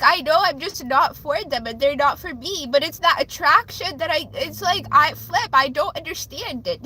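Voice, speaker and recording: High bright-voiced woman ranting on a livestream. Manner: rambling, emotional, talks straight to viewers. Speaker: livestream host doing card readings. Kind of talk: casual livestream chat.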